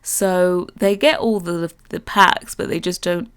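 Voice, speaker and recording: A young woman chatting casually over a game build, bubbly and rambling as she gets excited about new content. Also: lowish voice, takes it slowly, smooth. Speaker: Sims builder and YouTuber.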